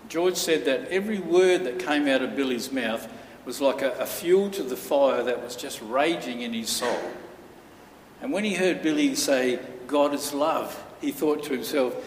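A man preaches in a church hall, building his story with earnest, dramatic pauses. He sounds set back from the microphone, and his voice rings out in a long, echoing reverb. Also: medium pitch, a little hiss or hum. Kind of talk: sermon. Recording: echoey hall from far off.

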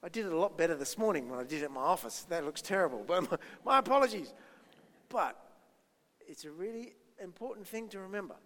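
Chatty pastor in a reverberant hall. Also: male voice, sits high, animated, fast talker, fairly bright tone. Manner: chatty, self-deprecating, asks the children questions. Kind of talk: children's talk in a church service.

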